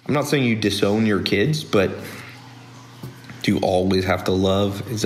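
A man with a fairly low voice holds forth in a casual, blunt monologue, keeping it animated and opinionated as he tells stories. The sound carries a noticeable room echo. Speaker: podcast host.

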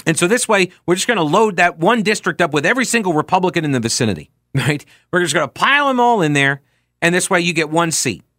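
A man hosts a political talk show in a slightly high voice. He talks casually with a sarcastic edge and drifts into asides as he reads listener messages. The sound is close and dry, with no room around it. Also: expressive, fast, sharp tone, no echo. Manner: sarcastic, conversational, with frequent asides. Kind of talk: casual political commentary and reading listener tweets.

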